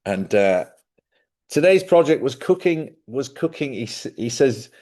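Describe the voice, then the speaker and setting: A man's voice: mid-range voice, very animated, measured pace, darkish tone. A middle-aged man, hosting a casual livestream monologue, a chatty storyteller who laughs often and acts out other people's voices. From Ireland. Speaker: livestream host.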